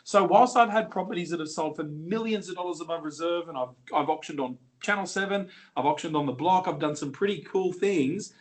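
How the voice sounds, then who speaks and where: A confident middle-aged man, an auctioneer telling lively, joking stories in an interview. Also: fairly high pitch, a little fast, hardly any pauses. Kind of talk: storytelling in an interview.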